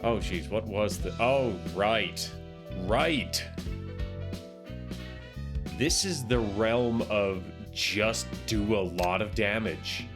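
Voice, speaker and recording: A man's voice: lowish voice, very slow, over music. A man streaming a video game, chatting casually in a rambling, self-mocking, jokey way. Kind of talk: casual live-stream chat.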